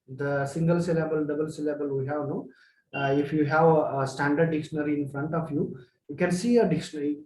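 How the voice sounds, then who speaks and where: A man lectures on spoken in a fairly high voice. He explains patiently and repeats his examples slowly, with frequent fillers. The room around him is echoey. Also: dark tone, a little hiss or hum. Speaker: English lecturer. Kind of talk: spoken English lesson.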